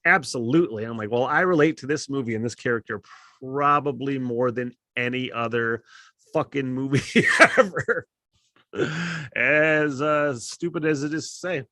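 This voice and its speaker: Man, middle-aged, podcast host, profane, rambling, gets loud, dry close mic. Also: medium pitch, moderate pace, dry recording. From Michigan. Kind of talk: casual solo podcast rant.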